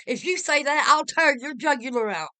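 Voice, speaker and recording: A woman's voice: a little high, a little fast, a bit bright, clear, resonant tone, no echo, natural voice. A woman reading as an anguished, tormented husband. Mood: furious. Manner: anguished, raised voice. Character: desperate tormented husband, man.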